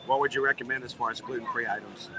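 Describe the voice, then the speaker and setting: A hoarse man hosts a casual livestream outdoors, his voice worn and strained as he chats and thanks viewers. His pitch sits mid-range for a man. Busy park noise and passing vehicles run clearly behind him. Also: steady tone, fast talker. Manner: chatty, thanks viewers for tips. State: losing his voice. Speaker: livestream host. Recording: noisy outdoor park ambience.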